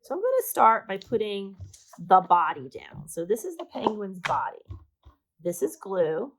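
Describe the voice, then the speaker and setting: Her medium-pitched voice swings widely in pitch at a measured pace, and the audio is poor. An art teacher, she shows a paper craft step by step, chatty and a bit self-mocking while working.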